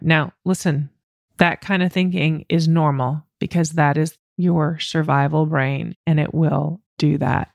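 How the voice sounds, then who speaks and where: Candid woman podcast host, gravelly edge. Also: deep voice, fairly even intonation, a little slow, a little mellow, dry recording, studio quality. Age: middle-aged. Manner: candid, self-deprecating, laughs often. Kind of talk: solo podcast, coaching monologue.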